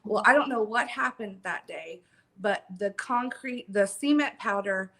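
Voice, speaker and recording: A woman's voice: medium pitch, unhurried, a bit bright. A middle-aged woman telling her story animatedly as an interview guest, with lots of ums and emphasis.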